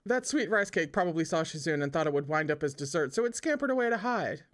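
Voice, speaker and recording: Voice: medium pitch, big pitch swings, fast talker, a bit bright. A reader voicing a playful young male disciple who spins tall tales with a straight face. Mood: teasing. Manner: earnest-sounding, teasing.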